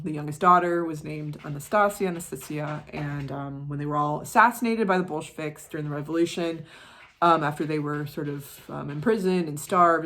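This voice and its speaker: American woman with a low voice, rambly vlog chat, side story after side story. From United States. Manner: rambling, full of tangents and asides; casual swearing. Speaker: art vlogger. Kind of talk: casual chat.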